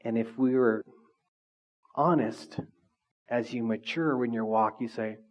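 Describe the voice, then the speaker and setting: A male pastor preaching a conversational sermon, animated and full of asides to the congregation. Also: medium pitch, unhurried, muffled recording.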